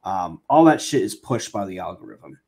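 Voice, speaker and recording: A man co-hosting a podcast, giving quick, earnest political commentary in casual chat. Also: low-pitched, animated, darkish tone, slightly rough. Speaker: podcast co-host.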